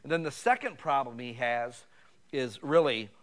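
A man's voice: mid-range voice, animated, moderate pace. A middle-aged man preaching a sermon, conversational and rising at times to fervent, raised passages. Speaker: pastor.

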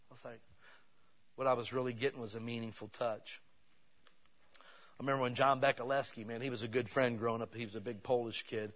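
Man preaching with animated stories. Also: mid-range voice, fast talker. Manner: animated storytelling, swinging between loud bursts and hushed asides. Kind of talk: sermon with personal stories.

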